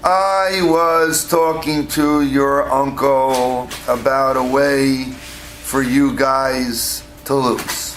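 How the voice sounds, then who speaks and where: A man's voice: mid-range voice, steady tone, extremely slow, fairly bright tone, a little hiss or hum. A man voicing a sly male Samaritan informer who bargains in a wheedling tone, in an echoey hall. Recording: echoey hall with faint ambience.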